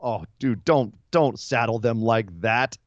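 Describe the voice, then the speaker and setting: A man's voice: medium pitch, dry recording, highs cut off. A man co-hosting a casual wrestling podcast, teasing his partner and laughing as he recaps. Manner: animated, quick to tease and laugh. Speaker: podcast co-host.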